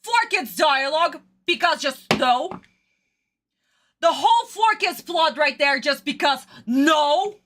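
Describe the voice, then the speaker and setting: A woman's voice: high voice, pushed and bright. A woman streamer ranting through a casual live reaction to a cartoon episode, exasperated and swearing a lot.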